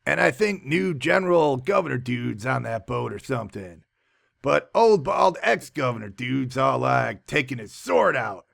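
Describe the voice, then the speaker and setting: A man giving a sarcastic comic recap of a movie, with deadpan asides. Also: mid-range voice, measured pace, gravelly. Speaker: movie reviewer.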